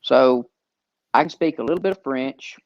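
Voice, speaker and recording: A man's voice: medium pitch, no echo, highs cut off. A man with a Southern US accent, telling stories in casual chat with plenty of "uh" fillers. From American South. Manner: slow storytelling with frequent fillers. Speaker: podcast host.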